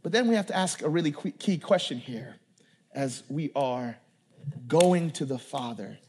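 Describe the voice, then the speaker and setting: A man's voice: fairly high pitch, expressive, moderate pace, darkish tone, husky. A man preaching a sermon, talking in a conversational, emphatic way, often repeating words and speaking straight to the congregation. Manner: addresses the congregation directly. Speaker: pastor.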